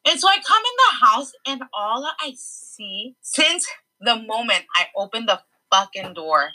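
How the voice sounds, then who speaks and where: A young woman co-hosting a casual podcast, telling an animated story and slipping Spanish phrases into her English. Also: fairly high pitch, a little slow, poor audio. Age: young adult. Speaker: podcast co-host.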